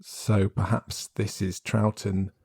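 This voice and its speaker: Man, podcast co-host, thoughtful, detailed, low mellow voice, dry sound. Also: little pitch movement, slow pace, gravelly, slightly rough, no room sound. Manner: thoughtful, detailed, reads quotes from scripts. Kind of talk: casual discussion.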